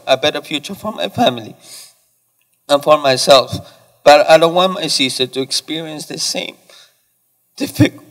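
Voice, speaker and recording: Young guy from ecuador near tears at the mic, kinda high voice, lots of hall echo. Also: a bit bright. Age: 20s. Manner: halting, apologetic, pausing often. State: emotional, close to tears. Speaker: audience member asking a question. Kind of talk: emotional question from the floor. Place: large lecture hall. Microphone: audience microphone. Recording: reverberant lecture hall.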